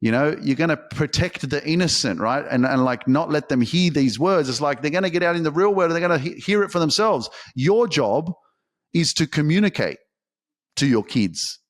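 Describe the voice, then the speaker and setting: A man's voice: fairly high pitch, animated, normal speed. A man hosting a podcast, talking in an intense, emphatic motivational monologue full of swearing. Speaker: podcast host.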